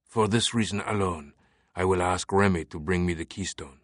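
A man reading an audiobook who voices a scheming male mastermind with a French accent, speaking in a hushed, deliberate way and sometimes whispering. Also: sits low, no room sound, studio quality, natural voice. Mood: hushed, commanding. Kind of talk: audiobook character voice.

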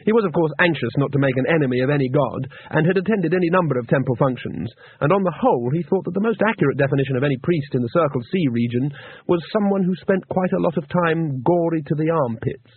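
A man reading a story aloud in a dry, measured storytelling manner. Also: on the high side, animated, slightly rough, no room sound. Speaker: narrator. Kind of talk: audiobook narration. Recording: tinny narrow-band recording.

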